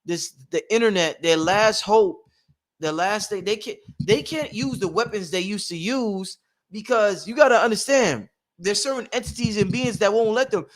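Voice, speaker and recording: A man's voice: high-pitched, normal speed. A man hosting his own live stream, talking casually and preachily, with frequent laughter. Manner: animated, preachy, laughs often. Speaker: livestream host. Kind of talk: casual livestream monologue. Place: at home.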